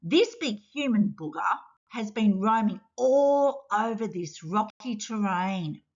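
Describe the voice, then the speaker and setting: A curious little snot creature marvels at what it sees, as a woman plays it, with a lively, rising and falling pitch. It is a storybook voice in a dull, lo-fi recording. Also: slow pace. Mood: wondering. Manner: excited, wondering storybook voice. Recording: dull lo-fi sound.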